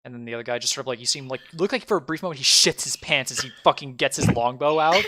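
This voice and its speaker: Guy running a tabletop game, rambly and casual, bright clear sound. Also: medium pitch, racing, slight background noise. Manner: casual, rambling with many fillers. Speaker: game master.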